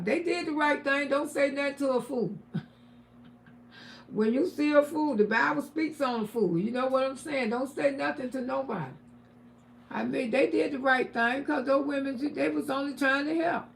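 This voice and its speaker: An older woman holds forth on a livestream, reading chat and preaching her views bluntly. Her voice sits high and has a gravelly rasp. She often swells from a low mutter into loud shouting. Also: slight background noise. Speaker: livestream host.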